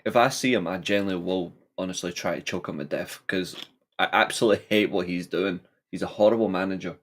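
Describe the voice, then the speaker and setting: A man's voice: sits low, quick pace. A man talks football on a podcast. He is blunt and heated, pushing his opinions hard in casual chat. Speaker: podcast co-host.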